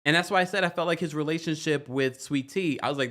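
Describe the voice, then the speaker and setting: Guy doing a reality tv recap stream, super lively voice that jumps high, laughs a lot. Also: fast talker. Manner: animated, laughs often, jumps into high squeals. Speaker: host of a reality TV recap livestream. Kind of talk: casual livestream chat reading super chats.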